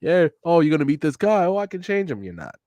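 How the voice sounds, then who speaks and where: A man's voice: fairly high pitch, sing-song, fast, no room sound. A young man hosting a podcast, reading a manga aloud and reacting to it in casual, joking, profane commentary with bursts of laughter. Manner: joking and profane, with sudden loud laughing outbursts.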